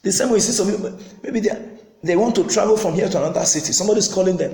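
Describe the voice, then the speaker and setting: A man's voice: sits high, rapid-fire, warm tone, echoey room, poor audio. A man preaching a sermon as pastor, emphatic, repeating phrases and acting out quotes.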